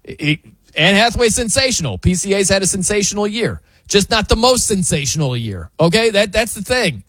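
Animated, husky male sports host. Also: sits high, a little fast, no echo. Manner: emphatic, incredulous ranting; laughs between points. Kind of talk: opinionated sports commentary.

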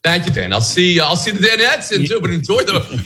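A middle-aged man who is a TV host, guesting on a sports show and talking in an energetic, rambling, self-mocking way. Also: high-pitched, fairly quick, hardly any pauses, slight background noise. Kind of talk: casual talk-show banter.

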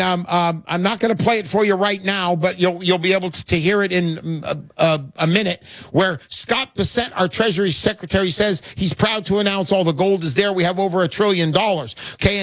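A man's voice: high voice, a bit bright, no echo. A man hosting a call-in talk show, selling gold with brash, pushy salesman patter. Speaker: radio show host.

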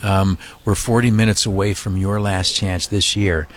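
Man, radio host, low voice, earnest pleading, stammers and fillers, studio mic. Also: level tone, moderate pace, a little hiss or hum. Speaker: radio host running a hospital fundraiser. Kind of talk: live radiothon appeal.

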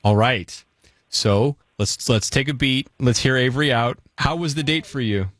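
A man's voice: medium pitch, normal speed, a bit bright, dry recording. A man hosting a radio call-in segment, talking in a playful, teasing way. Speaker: radio show host.

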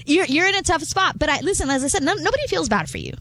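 A woman's voice: high voice, sing-song, fairly bright tone, dry recording. A woman co-hosting a sports radio show, chatty and teasing. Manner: teasing, talkative, quick to laugh. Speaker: radio co-host. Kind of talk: casual sports radio chat. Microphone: studio microphone.

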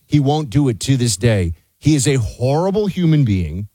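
A man's voice: mid-range voice, sing-song, moderate pace, hardly any pauses, no room sound. A male talk radio co-host, reading diary entries and ranting with rising indignation. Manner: indignant, voice rising to near-shouting.

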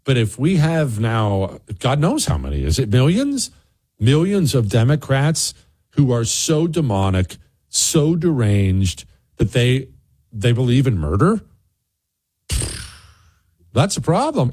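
A man's voice: medium pitch, big pitch swings, measured pace, darkish tone, slightly rough. A man hosting a political talk radio show, delivering a heated, ranting monologue.

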